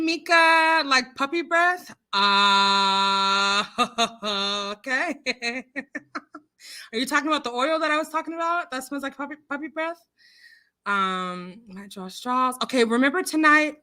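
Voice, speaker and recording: A woman's voice: a little high, sharp tone. A woman hosting a casual livestream, reading viewer comments aloud in a chatty, giggly, rambling way with lots of fillers. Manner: talks with her hands. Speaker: livestream host.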